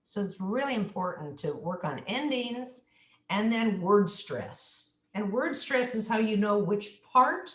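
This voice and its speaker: A woman speech coach, unhurried and mid-range in pitch, talks over a video call from an echoey room. Animated, she explains pronunciation and demonstrates words aloud during a coaching interview.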